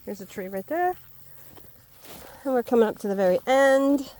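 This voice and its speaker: A woman's voice: on the high side, animated, normal speed, pauses often, darkish tone. Woman rambling on a walk through her field, phone in hand, dogs around, outdoor sounds. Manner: chatty, thinking aloud, calls sharply to her dogs. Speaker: homesteading vlogger. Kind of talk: casual walking vlog. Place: outdoors in a wet rural hay field. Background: dogs and rural outdoor sounds.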